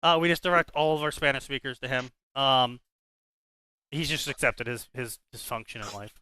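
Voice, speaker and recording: A man's voice: medium pitch, moderate pace, bright, forceful tone, smooth, no room sound. A man co-hosting a podcast, ranting casually and cursing, often repeating his words as he starts a thought. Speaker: podcast co-host. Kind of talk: casual banter.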